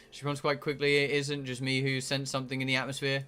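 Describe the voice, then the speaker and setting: A British man reads out a game's story text and chats with his stream audience in between. His voice is bright and forward, and his talk is joking and rambling, with stumbles over words as he reads. Faint music plays in the background. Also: mid-range voice, monotone, quick pace, hardly any pauses, smooth. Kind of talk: live-streamed game playthrough, reading aloud and chatting.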